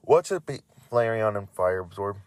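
A man's voice: on the low side, animated, normal speed, a little mellow, no room sound. A man hosting a casual podcast, reading entries aloud with frequent stumbles, restarts and chatty asides. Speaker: podcast host.

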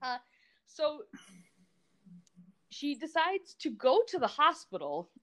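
A woman with a high-pitched voice co-hosts a podcast, speaking slowly as she recaps a TV episode in casual chat. She's animated and sarcastic and laughs often.

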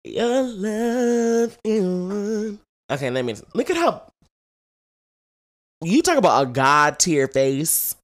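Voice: mid-range voice, very animated, takes it slowly. A young adult podcast co-host in casual chat, playful and slangy, swearing freely.

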